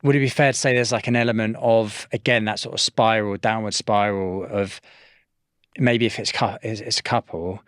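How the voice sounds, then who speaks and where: Male podcast host, very deep voice, tentative, rephrasing questions, dry close sound. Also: steady tone, moderate pace, a bit bright, dry recording. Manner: thinks aloud, hesitant, restarts his questions. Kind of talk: conversational podcast interview.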